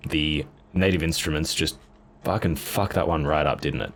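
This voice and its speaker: A man's voice: a bass voice, moderate pace. A man casually demoing and comparing guitar gear, blunt and offhand in his comments. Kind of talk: casual gear demo talk.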